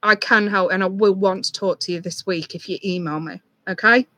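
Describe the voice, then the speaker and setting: Tarot reader, live stream, gentle reassuring tone, lots of ums and restarts, home webcam sound. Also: medium pitch, fairly even intonation, a little fast, no room sound.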